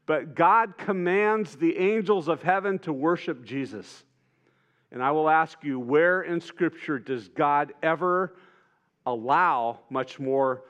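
A man preaching a sermon in a conversational, animated way, acting out the lines he quotes. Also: on the high side, dull audio.

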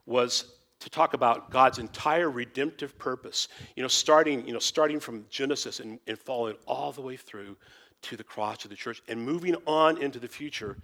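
A man's voice: mid-range voice, fairly bright tone. Rambling man giving an informal Bible talk. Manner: rambling, full of "you know" and restarts. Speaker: Bible teacher.

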